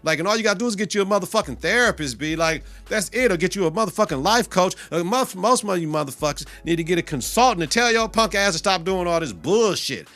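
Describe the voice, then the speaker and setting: Animated, bright-voiced podcast host. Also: male voice, high-pitched, fast talker, hardly any pauses, dry recording. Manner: animated, heavy cursing, swings loud and soft. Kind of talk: profane casual rant.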